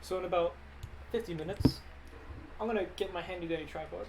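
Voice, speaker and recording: A young man rambling casually on a livestream, reading viewer questions aloud and answering them into a desk mic that clips when he gets loud. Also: sits high, a little fast, very noisy. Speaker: livestreaming animator.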